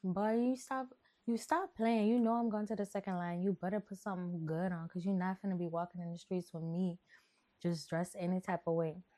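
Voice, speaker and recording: A woman's voice: on the low side, level tone, a little fast, mellow, lightly acted. A woman putting on a brash young woman from Uptown New Orleans with a put-on New Orleans accent, sassy and bossy.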